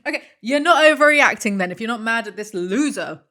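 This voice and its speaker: A woman in her thirties reading Reddit posts and text messages aloud, sarcastic, deadpan and swearing freely. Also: fairly high pitch, fairly quick. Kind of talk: casual reaction commentary.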